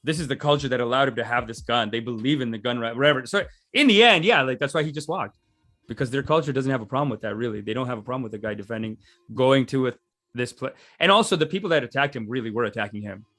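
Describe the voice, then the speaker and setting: A man's voice: mid-range voice, fast, fairly bright tone, faint music behind. A man hosting a livestream, giving casual, rambling commentary and laughing often. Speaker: livestream host.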